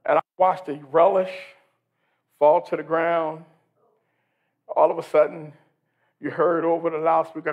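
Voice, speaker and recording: A male pastor preaching a sermon in a church service, animated and building to shouts, asking the congregation questions. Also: a little high, measured pace, pauses often, dull audio. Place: church sanctuary during a worship service.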